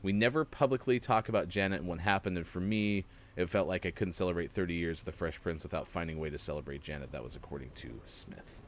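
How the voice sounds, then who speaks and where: A deep-voiced man hosts a casual gaming morning show, drifting from game chatter into news items. His delivery rambles loosely. A faint background hiss sits under the recording. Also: quick pace, hardly any pauses. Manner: rambling, reads out news items between gameplay remarks. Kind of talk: casual chat while playing a game.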